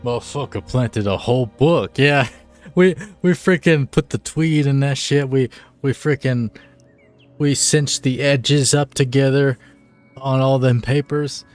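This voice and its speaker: A man's voice: mid-range voice, a little slow, faint music behind. A tipsy man streaming a game live, chatting in a rambling, profane, loose way. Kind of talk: casual live-stream chat.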